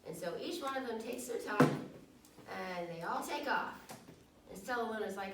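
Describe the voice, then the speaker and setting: A woman's voice: medium pitch, lively intonation, normal speed, far from the mic, noisy background. A woman casually retelling a children's picture book in a loose, chatty way. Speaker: storyteller. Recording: echoey room, voice from off-mic.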